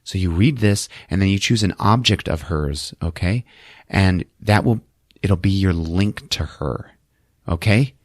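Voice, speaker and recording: A man's voice: low-pitched, unhurried, no echo, studio quality. A man doing a pushy, coaxing older woman. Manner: coaxing, insistent.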